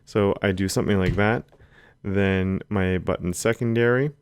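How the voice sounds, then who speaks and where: A man teaching a screen-recorded coding lesson, calmly talking through the code as he types it. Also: low-pitched, normal speed, clean tone. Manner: relaxed, talks while typing code. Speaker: coding instructor. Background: keyboard typing.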